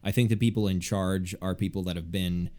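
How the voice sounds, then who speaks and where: A man's voice: sits low, steady tone, fairly quick, darkish tone. A young man with a nasal voice, co-hosting a podcast in casual, rambling chat full of fillers and restarts. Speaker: podcast co-host.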